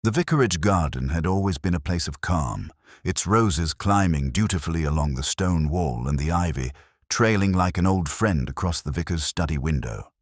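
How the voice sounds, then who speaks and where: A man hosting and narrating a classic detective story in a measured, solemn storyteller manner. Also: sits low, expressive, no room sound, clean studio sound. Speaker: host and narrator.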